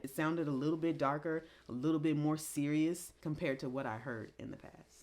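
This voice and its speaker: Low-voiced woman musing on an album. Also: darkish tone. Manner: reflective, musing, with pauses and restarts. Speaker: music commentary vlogger. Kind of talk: casual album review chat.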